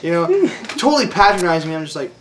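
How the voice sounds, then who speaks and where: A high-pitched, very animated young man talks fast, recorded from far away with some hiss or hum. Telling a story from his time as a Marine, he rambles, curses, and leans heavily on "like" and "dude."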